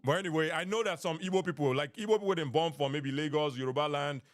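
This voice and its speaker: A man's voice: fairly high pitch, fast, no echo, clean studio sound. A man with a Nigerian accent hosting a live call-in podcast, mixing in Pidgin and often repeating his phrases. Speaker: podcast host. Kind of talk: live-stream call-in chat.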